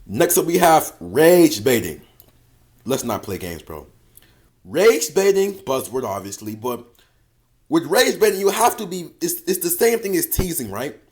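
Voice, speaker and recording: A man's voice: on the high side, big pitch swings, unhurried, a little mellow. A man giving dating advice as a coach in a casual, slangy, profane monologue, often repeating phrases and calling the listener bro. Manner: slangy, profane, emphatic street talk.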